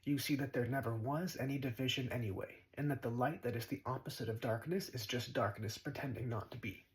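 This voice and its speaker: A man's voice: medium pitch, fairly quick, low-quality recording. A man talks as a spiritual teacher in a mid-range voice. He is blunt and swears freely, mocks his listeners and hammers at them with short repeated commands. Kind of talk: spiritual monologue.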